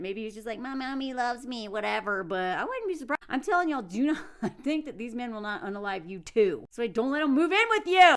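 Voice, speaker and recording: A woman's voice: a little high, fairly bright tone. A woman vlogger giving casual commentary, blunt and sarcastic, talking straight to her viewers.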